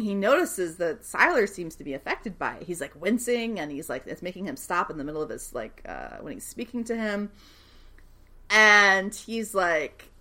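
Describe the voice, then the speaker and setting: A young woman casually recapping a TV episode, animated and swearing freely as she acts out the characters' lines. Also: medium pitch. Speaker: podcast co-host recapping a TV show. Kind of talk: casual chat.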